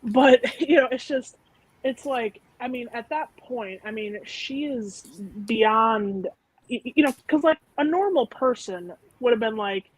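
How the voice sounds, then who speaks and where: A woman from Wisconsin chatting on a podcast, talking haltingly with many fillers and restarts. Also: fairly high pitch, slightly rough, poor audio. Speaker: podcast co-host. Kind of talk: casual chat.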